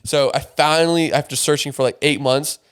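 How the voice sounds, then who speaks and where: A man's voice: on the high side, fairly even intonation, fairly bright tone, clean tone. A young man, a podcast guest, telling a story in casual chat, swearing often and packing his talk with filler words. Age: young adult. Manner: rapid, profane, heavy filler words.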